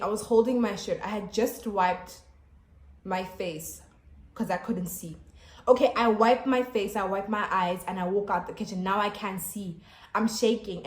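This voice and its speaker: Chatty South African woman, roomy sound. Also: mid-range voice. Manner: animated, chatty, many fillers and restarts, laughing through the story. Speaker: YouTuber. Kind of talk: storytime vlog. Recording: echoey room.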